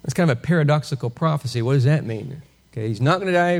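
A man preaching an expository sermon, animated and full of rhetorical questions, chuckling now and then as he teaches. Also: a little high, fast.

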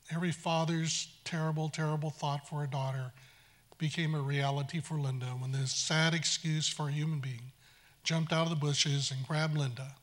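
A man on stage telling a dramatic story in a sermon, swinging between loud passages and hushed ones. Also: high-pitched.

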